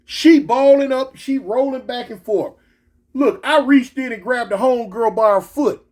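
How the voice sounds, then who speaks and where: A man telling a story in a casual, slangy, animated way. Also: very high voice, normal speed. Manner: animated, slangy, switches into excited quoted voices.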